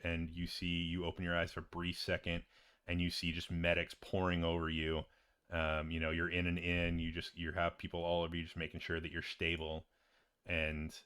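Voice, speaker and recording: A man who serves as game master narrates a tabletop game in a loose, rambling style full of fillers. His voice sits fairly low. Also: fairly bright tone, smooth.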